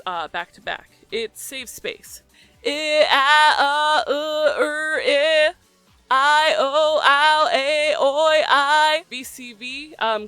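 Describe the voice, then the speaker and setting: Bright-voiced casual tutorial explainer. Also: mid-range voice. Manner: relaxed, chatty, with frequent ums.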